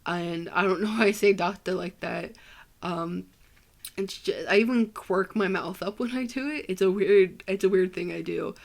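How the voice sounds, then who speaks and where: A young woman from Ohio chats alone on her podcast late at night, sleepy and worn out. Her voice sits a little low with a gravelly fry, and she rambles and puts herself down, full of ums and likes. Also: normal speed. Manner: rambling and self-deprecating, many fillers. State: sleepy and tired. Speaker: podcast host. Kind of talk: casual solo podcast chat.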